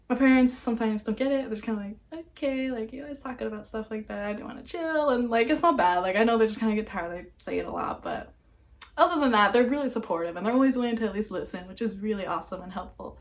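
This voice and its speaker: A young woman, talking candidly to camera in a casual vlog, with lots of filler words. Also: medium pitch. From Vietnam, adopted to the United States. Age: young adult. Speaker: vlogger.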